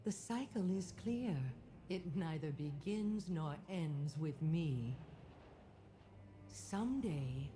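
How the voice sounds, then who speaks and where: Wise old serpent spirit, low dark voice, speaks real slow and gentle, game cutscene. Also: female voice, lively intonation, faint music behind. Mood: solemn, tender. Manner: solemn, slow and tender farewell speech. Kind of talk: video game cutscene dialogue.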